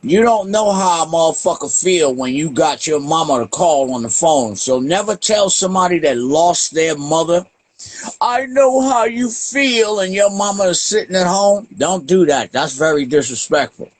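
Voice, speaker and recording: A man's voice: a little high, expressive, moderate pace, few pauses. A man as a guest in a casual interview, talking bluntly and with plenty of swearing. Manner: blunt, profane, emphatic.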